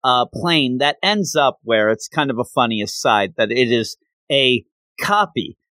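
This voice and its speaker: A man's voice: medium pitch, expressive, a little slow, bright, forceful tone, dry recording. A man casually retelling a comic book story in a chatty, digressive way.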